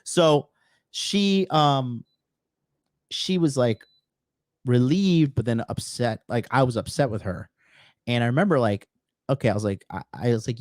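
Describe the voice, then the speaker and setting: A man's voice: medium pitch, measured pace, pauses often, a little mellow, dry recording. A man telling brash, profane, boastful stories in a casual podcast conversation. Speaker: podcast guest.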